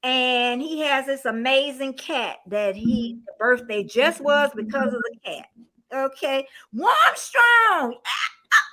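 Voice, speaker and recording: A woman's voice: sits high, unhurried, fairly bright tone. A woman in her sixties hosting a casual livestream celebration, effusive and emotional, often exclaiming and laughing. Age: 60s. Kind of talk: casual chat.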